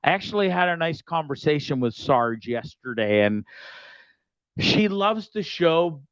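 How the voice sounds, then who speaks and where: A man's voice: fairly high pitch, lively intonation, a little slow, a bit bright, smooth, no room sound, muffled recording. A man hosting his own show, reading sponsor spots in a rambling, profane, joking way. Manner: rambling, profane, jokey, restless. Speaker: show host. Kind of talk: casual show monologue with sponsor reads.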